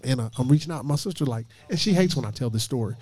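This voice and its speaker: A man in his late thirties, a pastor, telling a lively personal story with jokes and acted-out quotes. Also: medium pitch, fast, husky. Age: late 30s. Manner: lively, joking, acts out quoted voices.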